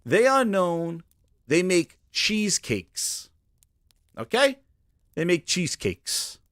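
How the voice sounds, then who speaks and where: A man hosts a gaming talk show, ranting loud and a little profane. His voice is bright and forceful and swings widely in pitch. The sound is dry and close. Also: very animated, slow pace, no echo. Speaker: host. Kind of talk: animated solo gaming commentary.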